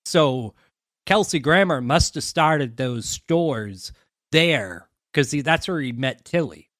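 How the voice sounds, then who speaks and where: Male podcast co-host, slightly high pitch, dry close sound, jokey. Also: animated, slow, fairly bright tone, dry recording. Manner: conversational, jokey asides. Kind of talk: casual chat recapping a sitcom.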